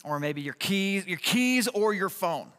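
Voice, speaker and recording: Guy pastor preaching, bright sharp voice, chatty and animated, long hall echo. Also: high-pitched, a little slow, clear, resonant tone. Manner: animated, chatty, frequent "like" fillers. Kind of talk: sermon with personal storytelling.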